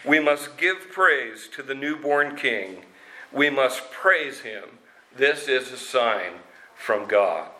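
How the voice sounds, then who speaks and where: A man's voice: medium pitch, animated, takes it slowly, bright, forceful tone, low-quality recording. A man voicing several kings calling out praise together in a raised, exultant voice. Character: group of kings praising in unison.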